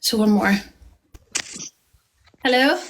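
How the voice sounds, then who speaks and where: A woman's voice: a little high, animated, slow pace, slight background noise. Gushing Scottish woman chatting live. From Scotland. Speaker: livestream host. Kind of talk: casual livestream chat.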